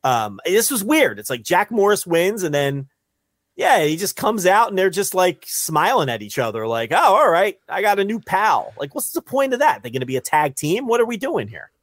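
A man's voice: sits high, moderate pace, dry recording. A man co-hosting a podcast in casual, profane, rambling chat. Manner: animated, profane, rambling with restarts. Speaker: podcast co-host.

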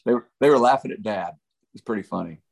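Deep gravelly laid-back country singer. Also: male voice, fast, darkish tone. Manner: laid-back, rambling, lots of fillers. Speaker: country musician guest. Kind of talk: casual storytelling chat.

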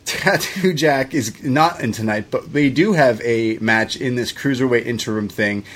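A man's voice: medium pitch, unhurried, fairly bright tone. A man co-hosting a wrestling review podcast, chatting loosely, swearing and drifting into side rants. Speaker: podcast co-host. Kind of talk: casual wrestling review chat.

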